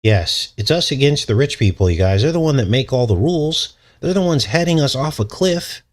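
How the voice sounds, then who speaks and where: A man's voice: mid-range voice, animated, a little fast. A man hosting a casual livestream, rambling and chuckling as he answers his viewers' chat. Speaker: channel host.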